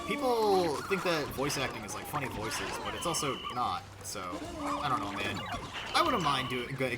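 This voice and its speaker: A man streaming a game, chatting casually and rambling, often restarting and swearing. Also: medium pitch. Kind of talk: casual gameplay commentary.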